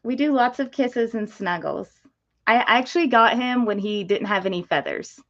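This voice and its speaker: A woman's voice, on the high side and a bit bright, comes through lo-fi sound at a normal speed as she hosts a casual gecko livestream. The gecko breeder chats with viewers, is easily distracted, and baby-talks to her parrot.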